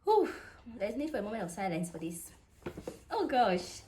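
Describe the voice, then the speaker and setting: A woman hosting an unboxing vlog, talking in excitable, gushing exclamations. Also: high-pitched, normal speed, slight background noise. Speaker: vlogger.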